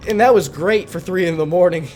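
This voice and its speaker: A man's voice: high-pitched, normal speed, slight background noise. A young man casually telling a rowdy family story on stream, swearing and laughing as he acts out relatives. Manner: animated, laughing, swearing, acting out relatives' voices.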